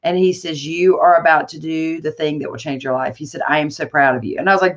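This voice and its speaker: A woman being interviewed, telling her story in a lively, conversational way with many fillers and restarts. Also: low voice, fast, dull audio. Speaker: guest entrepreneur.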